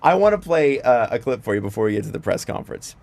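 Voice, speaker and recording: A man's voice: medium pitch, big pitch swings, quick pace, darkish tone. A young man hosting a podcast, rambling and laughing often as he chats. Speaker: podcast host. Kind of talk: casual chat.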